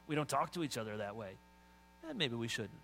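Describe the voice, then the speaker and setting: A man's voice: medium pitch, lively intonation, brisk, pushed and bright, a little hiss or hum. A middle-aged man preaching a sermon as pastor, talking conversationally and rising to emphatic, building lines.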